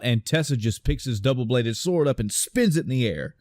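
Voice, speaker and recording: A man's voice: medium pitch, lively intonation, moderate pace, hardly any pauses, no room sound. A man hosting a podcast in casual chat, rambling and restarting, often acting out movie lines. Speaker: podcast host.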